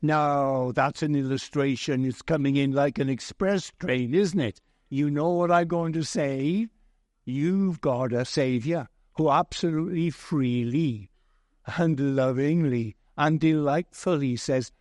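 A man preaching a sermon slowly and deliberately, telling a gentle humorous story along the way. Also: fairly high pitch, no room sound, clean studio sound.

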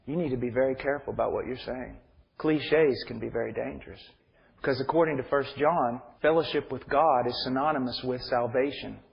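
High-voiced fervent male preacher, echoing hall. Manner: swings from hushed near-whispers to loud fervent preaching. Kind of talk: impassioned sermon. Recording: dull muffled sound with hall reverb.

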